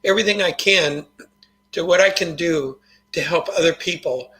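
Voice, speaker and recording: An older man telling a story in an earnest, folksy way as an interview guest. His voice sits a little high and sounds sharp and bright. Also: normal speed, rough recording. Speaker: guest, motivational author.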